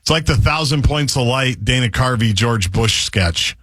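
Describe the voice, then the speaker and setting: A man co-hosting sports talk radio, trading dry, wry jokes and quick asides in casual banter. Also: mid-range voice, animated, fairly bright tone, no echo.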